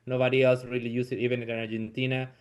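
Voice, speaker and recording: A Chilean man speaking English with a Spanish accent, his voice at an ordinary middle pitch. He talks loosely and warmly as a comedy guest, laughing between thoughts and leaning on "you know" as he goes. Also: level tone, fast, smooth. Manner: chatty, laughing, many "you know" fillers. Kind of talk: casual interview chat.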